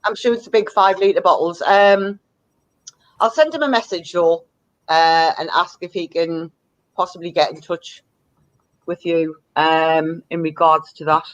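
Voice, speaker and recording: A speaker co-hosting a casual live stream, hesitant and filling pauses with um. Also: mid-range voice, fairly bright tone, highs cut off. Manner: hesitant, many ums.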